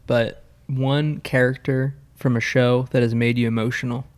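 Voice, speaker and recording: This podcast co-host speaks in a mid-range voice with little pitch movement and a moderate pace. His casual chat rambles, packed with fillers and restarts.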